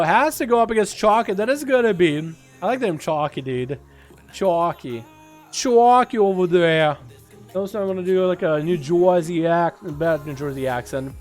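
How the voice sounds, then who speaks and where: High-voiced male game commentator. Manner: rapid, chatty, rambling asides. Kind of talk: livestream play-by-play game commentary.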